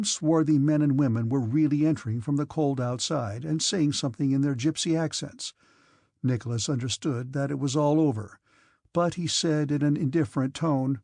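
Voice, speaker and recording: A man narrating a classic novel with a gravelly, husky voice pitched a touch high. He reads in a measured, steady way, close to the mic in a dry, dead room. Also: dry recording. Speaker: audiobook narrator.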